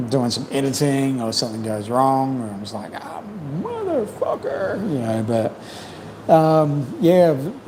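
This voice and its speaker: A man hosting a casual livestream chat, rambling and reflective, full of "you know", his voice slightly croaky from long talking. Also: medium pitch, darkish tone, a little hiss or hum, rough recording. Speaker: livestream host. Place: home in Cambodia.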